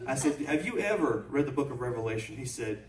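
A man's voice: medium pitch, big pitch swings, fast talker, a crowd in the background. Casting: male preacher, storytelling testimony, heard from a distance in a reverberant sanctuary with congregation sounds. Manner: storytelling, building to shouted preaching. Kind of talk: sermon testimony. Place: church sanctuary. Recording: echoey church from far off.

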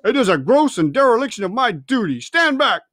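A man voicing an indignant gentleman squire who rebukes a villain slowly and sternly, in a storybook reading. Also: very high-pitched, big pitch swings, no echo, pitched above the performer's own voice, heavily acted.

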